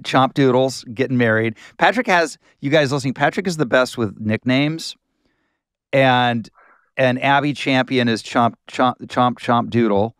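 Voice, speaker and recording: A man's voice: mid-range voice, unhurried, fairly bright tone, smooth, no echo, studio quality. A man hosting an interview, chatting casually and heaping on enthusiastic praise. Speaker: host.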